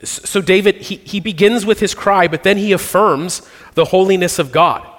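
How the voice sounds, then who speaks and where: A man preaching a sermon, earnest and reflective, pausing and restarting as he works through a psalm. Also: sits high, fairly bright tone. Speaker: pastor. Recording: long reverb of a large hall.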